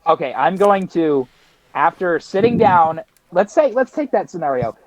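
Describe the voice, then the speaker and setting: A man's voice: high voice, big pitch swings, moderate pace, dry recording, muffled recording. A man playing a tabletop role-playing game, chatty and describing his character's actions. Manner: talkative, slips into in-character speech. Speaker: player. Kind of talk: casual tabletop role-play.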